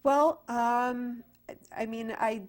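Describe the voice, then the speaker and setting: A woman actress and playwright, a guest on an interview show, telling lively stories with many restarts. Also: fairly high pitch, slow pace. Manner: animated storyteller, many restarts. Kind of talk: casual interview chat.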